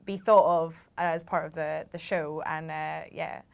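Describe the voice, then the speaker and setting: A young woman, a guest on a casual studio chat, bubbly and excitable. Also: low-pitched, measured pace, creaky.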